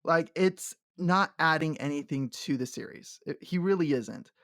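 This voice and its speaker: A man co-hosting a casual podcast who laughs often and acts out quotes from the show in animated bursts. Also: a little high, moderate pace, no room sound, studio quality. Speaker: podcast co-host. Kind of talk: casual chat.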